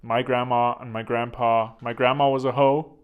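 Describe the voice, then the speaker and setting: A man's voice: medium pitch, flat delivery, moderate pace, smooth, phone-quality sound, close to an everyday voice. A man voicing a crude young adult in a casual, joking way. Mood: cheeky. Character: crude young adult talking about his family.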